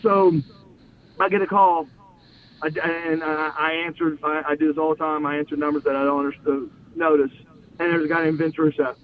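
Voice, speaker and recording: A middle-aged man and former pro wrestler telling excited stories as an interview guest, stumbling over restarts and acting out quotes. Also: on the high side, a little fast. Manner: excited, repeats words and restarts, acts out quotes. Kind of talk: animated storytelling in an interview. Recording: phone-like line with faint hiss.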